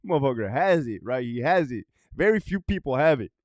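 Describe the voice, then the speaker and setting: Lively, foul-mouthed male storyteller. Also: fairly quick, no echo, clean studio sound. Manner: blunt, heavy swearing, chuckles between points; swings between loud outbursts and low mutters. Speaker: vlogger, prison guard commentator. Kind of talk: casual profane storytelling.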